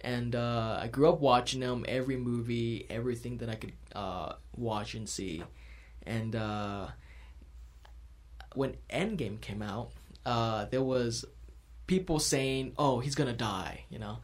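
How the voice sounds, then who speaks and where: A man hosting a casual chat, telling a story in an animated way and laughing often. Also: mid-range voice, measured pace. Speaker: host.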